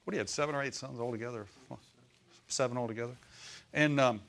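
A man preaches at a middle pitch, easy and conversational. He keeps checking in with his listeners, asking questions as he goes. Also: fast, a bit bright. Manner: acts out voices in quotes. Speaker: pastor. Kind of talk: sermon.

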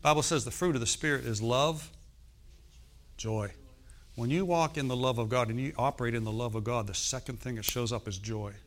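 A man's voice: mid-range voice, brisk. A middle-aged man preaching a sermon in a conversational way, often checking in with "okay?" and "amen". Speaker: pastor.

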